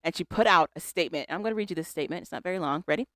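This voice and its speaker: Talking fast and with a sharp edge, a podcast co-host runs through celebrity news in easygoing pop-culture chat, reading out a statement and adding dry, wry asides. The pitch is middling, and the close-miked sound from a dead room is completely dry.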